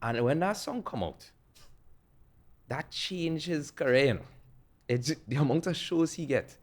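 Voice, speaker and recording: A man's voice: a little high, lively intonation, unhurried. A young man, telling stories in a laid-back way as a music producer on a podcast, laughing often. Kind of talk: casual interview chat.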